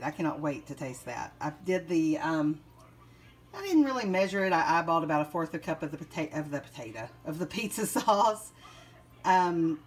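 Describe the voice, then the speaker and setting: A woman's voice: deep voice, breathy edge. A young woman chatting casually while cooking in her home kitchen, rambling and laughing as she goes.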